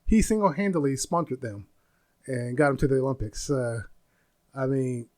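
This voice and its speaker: A man's voice: mid-range voice, expressive, normal speed, darkish tone. A man in his forties from the United States, hosting a casual solo podcast, rambling, laughing often and searching for words. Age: 40s. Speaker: podcast host.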